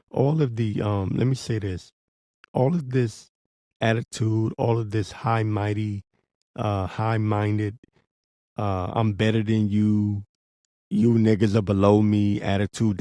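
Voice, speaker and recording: A man's voice: on the low side, warm tone, dry recording, clean studio sound. A man giving a blunt, profane, urgent warning in a preaching commentary vlog, with frequent restarts. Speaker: religious commentator.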